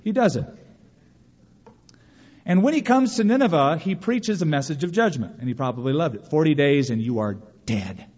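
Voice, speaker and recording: A man preaching a sermon as pastor, animated, with quick mock quotes of others. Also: fairly high pitch, in a large hall, dull audio.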